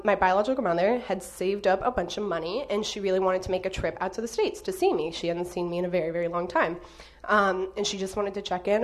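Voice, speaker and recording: A young woman telling a personal story to an audience, laughing often as she talks. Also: medium pitch.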